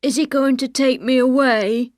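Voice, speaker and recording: A frightened, simple-minded young man, as a woman reader puts him on. He speaks higher and slowly, sounding fearful. The recording is dry and close. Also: fairly even intonation, a little mellow, no echo, lightly acted.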